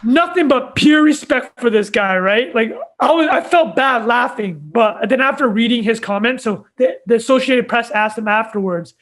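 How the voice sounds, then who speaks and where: A man's voice: extremely high pitch, moderate pace, few pauses, a bit bright. A young man co-hosting a podcast, telling a story in casual chat and laughing often as he goes. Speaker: podcast co-host.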